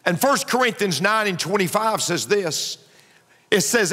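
A man's voice: sits high, expressive, measured pace, bright, forceful tone. A man preaching a sermon as pastor, driving his points home with emphatic repetition. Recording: long hall reverb.

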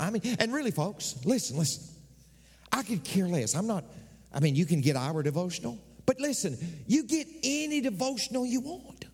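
A middle-aged man preaching a sermon as pastor, swinging from shouts down to whispers. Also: high voice, big pitch swings, normal speed, husky, long reverb tail.

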